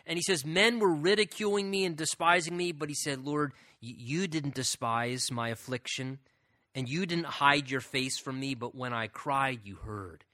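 A man's voice: medium pitch, normal speed, pushed and bright, no echo. A man preaching a sermon, teaching through Bible verses and reading them aloud with emphasis.

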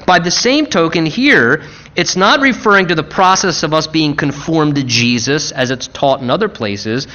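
A man preaching a sermon, with emphatic repetition, slowing down for stress and rushing through quick asides. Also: on the high side, animated, pushed and bright, muffled recording. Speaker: pastor.

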